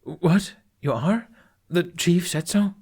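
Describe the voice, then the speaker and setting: A man's voice: a little high, sing-song, fairly quick, voice pushed up. Male reader as a nervous, eager big young Viking man. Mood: flustered. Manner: eager, flustered.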